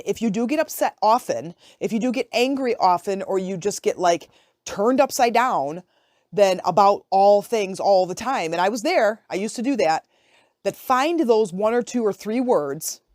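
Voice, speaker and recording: A woman's voice: medium pitch, animated, normal speed, a little mellow, dry recording, studio quality. A woman in her forties, a podcast host, talking in a chatty, reflective way and often checking in with her listener. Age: 40s. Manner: chatty and conversational, often asking "right?". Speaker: podcast host, life coach. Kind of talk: casual reflective podcast monologue.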